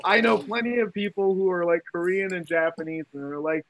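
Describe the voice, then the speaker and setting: A man's voice: high voice, fairly even intonation, brisk, few pauses, no room sound, dull audio. A man co-hosting a podcast in casual banter, joking, swearing and laughing often. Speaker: podcast co-host.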